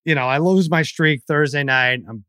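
A man's voice: normal speed, clean tone, no echo, studio quality. A middle-aged man co-hosting a podcast, telling stories in casual chat and acting out other people in raised voices. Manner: animated storyteller, mimics others in high voices. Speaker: podcast co-host.

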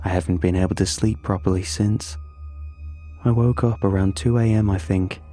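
A man narrating a first-person horror story in a measured, uneasy way, with drawn-out pauses. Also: low voice, steady tone, warm tone, soft background music.

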